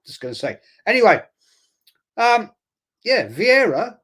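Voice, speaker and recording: A man's voice: medium pitch, measured pace. A man chatting casually on a fan live stream, rambling with restarts and friendly asides as he reads out viewer comments. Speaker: fan channel host.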